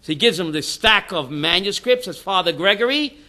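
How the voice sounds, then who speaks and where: A man's voice: high-pitched, brisk. A man teaching an informal Torah class as a rabbi, telling stories with jokes and acting out the quotes. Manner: animated storyteller, acts out quotes.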